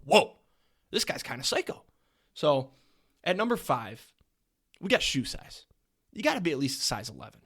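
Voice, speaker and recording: A man's voice: mid-range voice, fairly bright tone. A young man hosting a sports podcast on his own, chatting casually with rambling, crude jokes. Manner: joking, rambling, crude humor. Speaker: podcast host.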